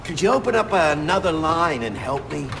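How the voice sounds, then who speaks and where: A man voicing an overworked desk officer who sounds harried and rushed. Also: fairly high pitch, animated, background noise. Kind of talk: video game voice acting.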